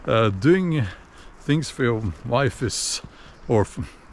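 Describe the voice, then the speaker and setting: A man giving a casual opinion monologue while walking outdoors, unhurried and musing, with many fillers and restarts. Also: mid-range voice, expressive, a little hiss or hum. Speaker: video blogger.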